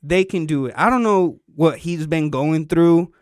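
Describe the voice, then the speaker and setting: A man hosting a podcast, telling a story in a casual, animated and profane way, acting out what people said. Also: a little high, measured pace, no room sound, studio quality. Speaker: podcast host.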